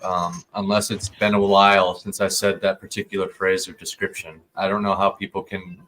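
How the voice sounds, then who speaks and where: Guy with a lowish voice, laid back, lots of "like". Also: flat delivery, normal speed, a bit bright. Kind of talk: casual chat over voice chat.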